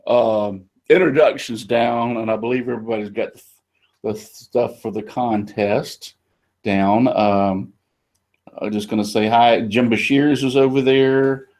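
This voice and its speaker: A man's voice: medium pitch, fairly even intonation, measured pace, a little mellow. A man from Florida with a Southern drawl, hosting a casual panel chat in a folksy, chatty way. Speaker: host.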